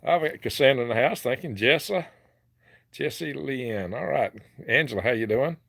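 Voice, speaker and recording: A man's voice: mid-range voice, lively intonation, normal speed, gravelly, a bit bright. Chuckling folksy Southern man. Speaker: livestream host. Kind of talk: casual live chat. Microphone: handheld phone.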